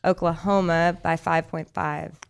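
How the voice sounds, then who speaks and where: A woman on a sports radio show reading out matchups and betting lines in a brisk, businesslike way. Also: deep voice, level tone, gravelly, clear, resonant tone.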